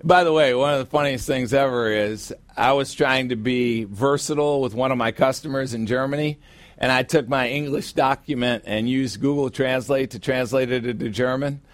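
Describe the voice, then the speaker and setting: A middle-aged man preaching a sermon as pastor, with emphatic, drawn-out stresses. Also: medium pitch, no echo. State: sweating, warm from preaching. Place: church sanctuary.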